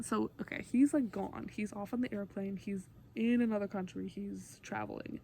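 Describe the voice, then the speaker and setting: A woman's voice: mid-range voice, steady tone, normal speed, vocal fry, few pauses, warm tone, a little hiss or hum. A woman vlogger talking casually through a song breakdown, chatty and gushing like an eager fan, with many fillers. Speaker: music vlogger.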